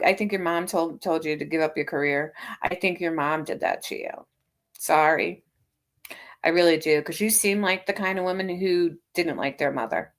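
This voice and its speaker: Chatty, teasing woman livestream host. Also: lowish voice. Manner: chatty, teasing, laughs often. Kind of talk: casual livestream chat.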